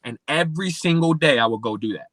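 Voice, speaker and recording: A man from Pennsylvania, a podcast guest, telling his story in an animated, casual way, acting out what people said and leaning on "like" a lot. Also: fairly high pitch, fast talker, no room sound. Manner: animated, acts out quoted speech, many fillers like "like".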